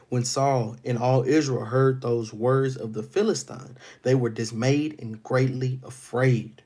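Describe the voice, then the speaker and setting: A man's voice: mid-range voice, fairly even intonation, a little slow, hardly any pauses, dark tone. A man teaching a Bible class. He reads verses aloud, then retells them in casual street slang.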